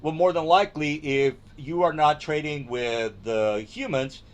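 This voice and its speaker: A man's voice: a little high, a little slow. A man running a tabletop game as dungeon master, narrating loosely with many ums and restarts.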